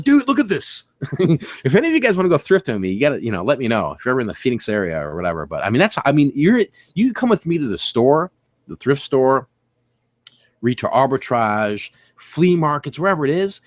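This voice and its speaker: A middle-aged man hosting a casual livestream, telling excited stories with laughter and acted-out reactions. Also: mid-range voice, no room sound, studio quality. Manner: laughs often, swears casually. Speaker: livestream host.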